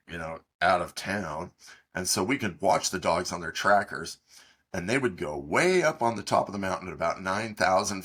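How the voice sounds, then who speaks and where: A middle-aged man co-hosting a podcast, telling a long, halting story in casual chat with many fillers. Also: deep voice, pushed and bright, slightly rough. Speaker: podcast co-host.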